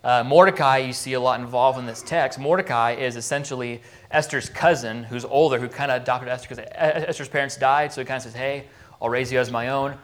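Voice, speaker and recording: A pastor preaching in church gives a sermon recap of a Bible story, retelling it casually and acting out the quoted lines. He has a mid-range voice and speaks briskly with few pauses.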